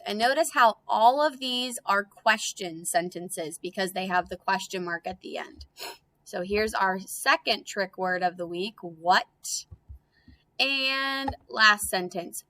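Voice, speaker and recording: A woman teaching a recorded phonics lesson for young children. Her voice is bright and encouraging, with a sing-song lilt that stretches out each word she wants them to repeat. It sounds like she is speaking into her computer. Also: mid-range voice, measured pace.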